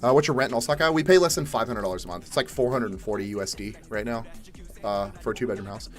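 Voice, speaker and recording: A young man from Atlanta, Georgia, chatting casually on a live stream, reading viewer questions and answering in a laid-back way, with the odd swear word and loud exasperated outbursts. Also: medium pitch, quick pace. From Atlanta, Georgia, USA. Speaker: livestream host. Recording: faint music behind.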